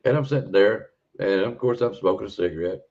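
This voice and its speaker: A man's voice: on the low side, brisk, darkish tone. A man, a podcast guest telling a rambling, folksy encounter story in a casual way. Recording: dull lo-fi audio.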